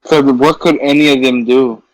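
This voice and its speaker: A man's voice: medium pitch, steady tone, moderate pace, no echo, low-quality recording. A man co-hosting a podcast, chiming in with enthusiastic, emphatic interjections in casual banter. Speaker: podcast co-host.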